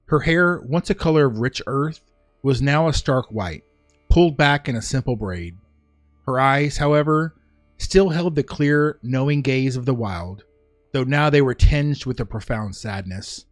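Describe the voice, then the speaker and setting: A man of middling pitch narrates a grim tale in a solemn, measured voice. The recording is dry and close, with soft music playing faintly underneath. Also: no room sound. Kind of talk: scripted story narration.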